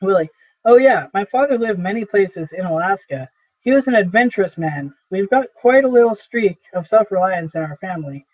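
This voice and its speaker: A worn-out old salesman pleading for his job, voiced in a fairly high register by a man reading the play aloud. He rambles earnestly through long stories. The sound is thin and tinny, like a phone line. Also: expressive, brisk, no echo. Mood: earnest, nostalgic. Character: aging weary male traveling salesman, pleading.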